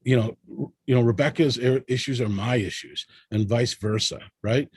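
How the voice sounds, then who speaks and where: A man's voice: mid-range voice, normal speed, darkish tone, slightly rough, dry recording. A man speaking as a panel guest in an impassioned discussion, emphatic and rallying, often tagging his points with "right?".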